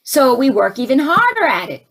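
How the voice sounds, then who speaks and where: A woman giving a conversational spiritual talk, asking her listeners questions and turning animated as she acts out her own reactions. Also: normal speed. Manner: animated, rising to high exclaims when acting out her own reactions; conversational, asks the audience questions. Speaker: spiritual teacher.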